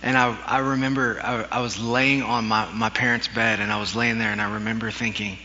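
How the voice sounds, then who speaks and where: A man's voice: fairly low pitch, flat delivery, fairly quick, pushed and bright. A man preaching a sermon, telling a story from his childhood in an earnest way with some self-deprecating humor. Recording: dull recording with long hall reverb.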